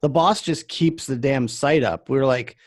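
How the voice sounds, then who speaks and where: A man's voice: mid-range voice, moderate pace, no echo. A man hosting a casual chat, telling rambling shop anecdotes with lots of fillers. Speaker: podcast host and vape shop worker.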